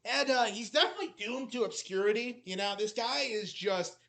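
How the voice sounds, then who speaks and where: A man with a notably high voice rambles through mocking reaction commentary. He leans on "like" constantly and sounds scornful toward his subject. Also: brisk, vocal fry, a bit bright. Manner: mocking, heavy use of "like" fillers. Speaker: commentary YouTuber.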